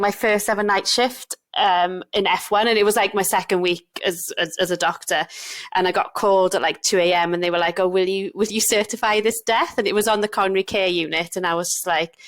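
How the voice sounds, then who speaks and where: A woman's voice: medium pitch, steady tone, brisk. A woman doctor with a Welsh accent, telling funny work stories in a casual podcast chat. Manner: chatty, laughs through her stories.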